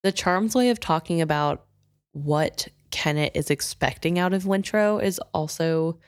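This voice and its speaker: Woman, book podcast co-host, very low voice, unhurried, thoughtful. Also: clear, resonant tone. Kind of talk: book discussion.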